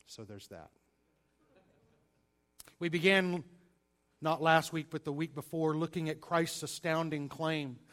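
Emphatic pastor with a higher voice. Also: male voice, a little slow, pauses often. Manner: emphatic, stresses single words, shifts between loud and quiet. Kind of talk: sermon.

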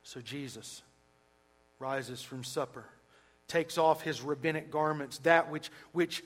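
A man preaching a sermon, emphatic and swinging between loud and hushed delivery. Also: a little high, fairly even intonation, takes it slowly, low-quality recording.

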